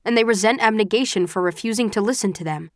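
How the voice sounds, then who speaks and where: Bookish tired young guy, reasoning and level, read by a woman; keep it close to her own voice, medium pitch. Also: fast talker, no echo, close to an everyday voice. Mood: calm. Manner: steady, reasoning, mildly lecturing. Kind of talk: audiobook character voice.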